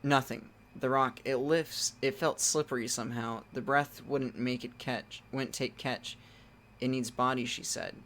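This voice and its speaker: A man's voice: medium pitch, fairly even intonation, unhurried, a little hiss or hum. Man reading a text adventure aloud. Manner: reads game text aloud, then breaks off into loud startled exclamations. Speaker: let's-play gamer reading a text game aloud.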